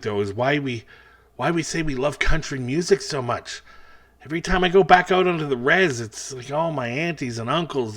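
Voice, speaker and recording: A man with a bright, forward voice does a taped stand-up set with no live crowd. He rambles from one thought to the next, pokes fun at himself and fills the set with chatty asides. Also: medium pitch. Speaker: comedian. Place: taped show without live audience.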